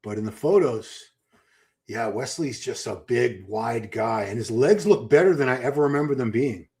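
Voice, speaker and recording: A man's voice: mid-range voice, lively intonation, moderate pace, a little mellow. A man hosting a live stream, giving chatty, enthusiastic commentary and reading viewer questions aloud. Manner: chatty, enthusiastic, restarts a lot. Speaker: livestream host.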